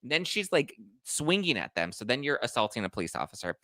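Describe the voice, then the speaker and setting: A man hosting a celebrity gossip commentary show, telling the story in an animated, sarcastic way. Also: medium pitch, quick pace, no echo. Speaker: host.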